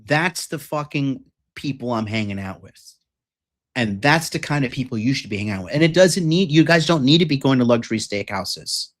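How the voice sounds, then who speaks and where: A young man holds forth on a livestream in a blunt, profane, rambling way, stacking up fillers as he goes. His voice sits at an ordinary middle pitch. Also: animated, moderate pace, a bit bright. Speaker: dating coach host. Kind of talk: livestream rant.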